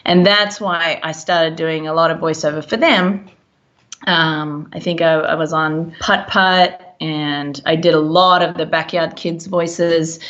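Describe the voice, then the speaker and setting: A woman's voice: on the low side, a bit bright, highs cut off. An Australian woman, a voice actor, chatting casually in an interview, laughing easily and sometimes trailing off. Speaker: voice actor guest.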